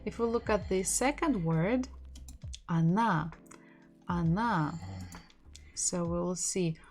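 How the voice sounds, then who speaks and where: A woman's voice: mid-range voice, expressive, moderate pace, darkish tone, faint music behind. A woman teaching a language lesson in English, explaining patiently with restarts and little laughs. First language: Russian.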